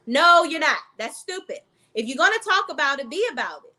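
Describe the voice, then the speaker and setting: Here a woman with a high, expressive voice, slightly fast and bright with a forceful tone, gives blunt, profanity-laced reality TV commentary in a casual vlog. She addresses her viewers directly, using "sis" and "y'all."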